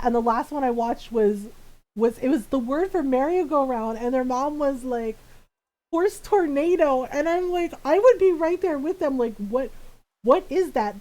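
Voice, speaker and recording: A woman's voice: high-pitched, low-quality recording. A young woman streaming a game, chatting casually, telling a story, and laughing often. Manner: quiet muttering while decorating in game. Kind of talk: casual live-stream chat while gaming.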